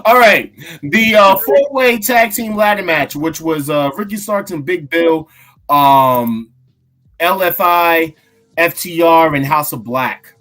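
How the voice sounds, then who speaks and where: A man hosting a casual podcast chat, animated, playful and swearing freely. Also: a little high, slow pace. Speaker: host.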